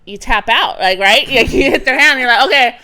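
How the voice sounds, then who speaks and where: A young adult woman co-hosting a podcast in casual, candid chat, frank and quick to laugh, often trailing off softly. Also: on the high side, slight background noise. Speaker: podcast co-host.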